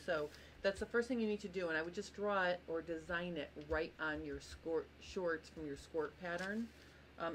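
A woman's voice: on the low side, slight background noise. A woman hosting a live sewing tutorial, chatty and apologetic as she walks viewers through tracing a pattern and greets them by name. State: tired, yawning. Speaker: sewing instructor and host.

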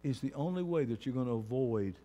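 A man preaching a sermon as pastor, moving from quiet talk to shouting. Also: medium pitch, lively intonation, fast talker, long reverb tail.

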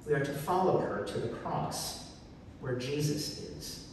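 A man's voice: a little high, unhurried, a little mellow, a little hiss or hum. A man preaching a sermon with earnest emphasis, recorded on a phone in a church sanctuary. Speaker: pastor. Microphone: phone recording from the pews. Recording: echoey church hall from far off.

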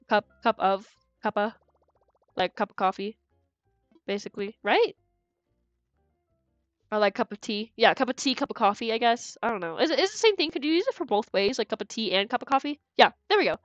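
A woman's voice: on the high side, no echo, muffled recording. A woman streamer giving live game commentary in a chatty, giggly way, thinking aloud and stumbling over repeated words.

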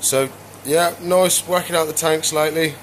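With a somewhat high voice at a moderate pace and a little hiss or hum in the audio, a man casually presents his pets and tanks. His talk is loose and relaxed, full of "so yeah" fillers, as befits this exotic pet vlogger.

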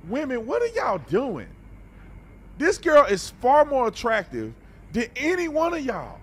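A man's voice: extremely high pitch, wildly swooping pitch, a little slow, fairly bright tone, husky. A man hosting a reaction video, talking bluntly and animatedly in a preachy, casual way and often repeating words.

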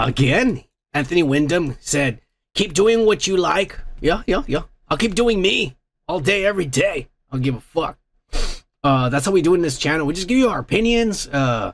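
Profane gravelly man hosting a livestream. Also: sits high, fairly bright tone. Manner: profane, rambling, blunt. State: drinking. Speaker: host. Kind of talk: casual livestream chat reading chat messages.

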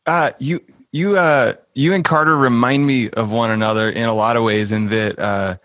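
A man's voice: mid-range voice, fairly even intonation, moderate pace, fairly bright tone, no room sound, clean studio sound. A young man from Alabama, a guest drummer in a laid-back interview who keeps saying dude and man. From Birmingham, Alabama. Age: young adult. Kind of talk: casual interview chat.

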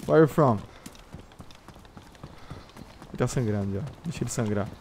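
A man's voice: medium pitch, animated, racing, heavy background noise. A man with a Brazilian Portuguese accent, a gamer giving orders and mocking other players in voice chat, swearing as he goes. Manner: commanding, mocking, swears and laughs. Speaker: gamer streamer. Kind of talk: gameplay voice chat.

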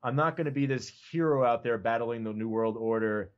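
A man's voice: mid-range voice, fairly quick. Loose, swearing man on lo-fi audio. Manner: loose, profane, fills speech with "like" and "you know what I mean". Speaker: podcast guest. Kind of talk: casual chat.

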